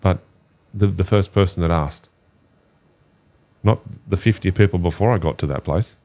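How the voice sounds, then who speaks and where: Low-voiced Australian man telling his story. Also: normal speed. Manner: blunt, animated retelling with quoted dialogue. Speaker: podcast guest. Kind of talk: candid storytelling.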